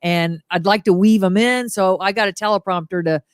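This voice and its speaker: A woman's voice: medium pitch, a little fast, smooth, no echo, clean studio sound. A middle-aged woman, a motivational humorist, chatting as a guest over a video call and acting out quotes in voices. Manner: animated storyteller, acts out quotes in voices. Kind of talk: casual interview chat.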